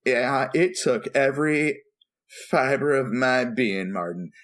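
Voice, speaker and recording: A man co-hosting a podcast, telling a story in a playful, animated way and acting out the dialogue. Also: mid-range voice, slow pace. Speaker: podcast co-host, preacher. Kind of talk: casual storytelling chat.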